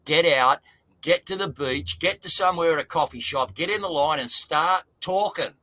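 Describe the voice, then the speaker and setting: Blunt Australian man, bright voice. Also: on the high side, normal speed. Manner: blunt, storytelling, lots of "mate". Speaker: co-host. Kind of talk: casual livestream chat.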